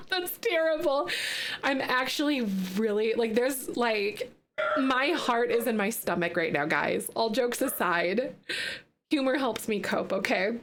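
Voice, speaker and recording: A female gaming streamer plays a life-sim game live, chatting loosely with viewers and using lots of filler. Her voice is a little high, her pace measured, with a slight hiss or hum in the audio.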